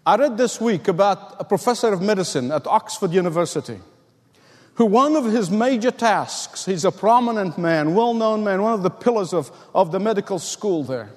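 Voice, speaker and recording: A man's voice: sits high, expressive, normal speed, in a large hall. A middle-aged man preaching a sermon, telling stories and building emphatic repeated lines. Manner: storytelling, emphatic, repetitive build-ups. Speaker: pastor.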